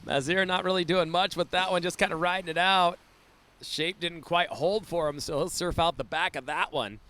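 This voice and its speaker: A man's voice: sits high, fairly even intonation, moderate pace, pushed and bright. A man calling a live surf contest play-by-play, enthusiastic and often laughing. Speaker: surf commentator. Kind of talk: live sports commentary.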